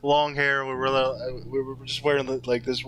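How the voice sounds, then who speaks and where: Rambling young man with a bright voice. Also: medium pitch, little pitch movement, fairly quick, slight background noise, low-quality recording. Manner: rambling, laughs often, many fillers and restarts. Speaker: artist streaming while drawing. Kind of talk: casual storytelling while drawing.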